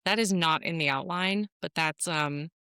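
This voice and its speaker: A woman's voice: fairly low pitch, normal speed, pushed and bright, clean tone, no room sound, clean studio sound. A woman co-hosting a home design podcast in casual, playful chat, teasing and laughing often. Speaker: podcast co-host.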